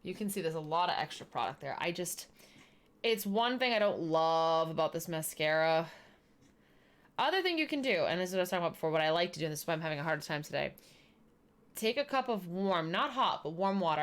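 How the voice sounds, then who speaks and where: A woman's voice: sits low, expressive, fast. A woman chatting casually while she does her makeup, explaining each step as she goes. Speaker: streamer doing makeup. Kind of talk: casual makeup tutorial chat.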